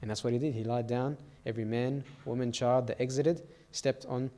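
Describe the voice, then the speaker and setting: A man's voice: medium pitch, fairly even intonation, brisk, dark tone. A man giving a sermon to a youth meeting in a church, telling stories and often checking in with "okay?" and "all right?".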